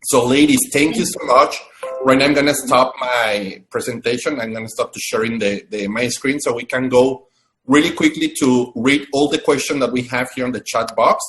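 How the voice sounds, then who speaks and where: A man's voice: mid-range voice, normal speed, a bit bright, faint music behind. A man hosting a live video-call webinar, talking with effusive enthusiasm and frequent restarts. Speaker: webinar host.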